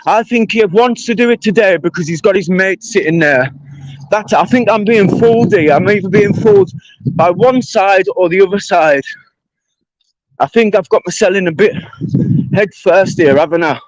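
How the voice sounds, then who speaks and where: A man's voice: sits high, normal speed, dry recording, low-quality recording. A British man ranting on a livestream, confrontational and swearing heavily. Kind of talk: angry livestream rant.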